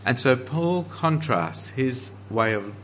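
An earnest man preaching a sermon as pastor, slowing down to stress the scripture he quotes. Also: medium pitch, animated, fairly bright tone, slight background noise.

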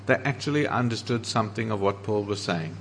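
An earnest man preaching a sermon as pastor, slowing down to stress the scripture he quotes. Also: lowish voice, animated, a little hiss or hum.

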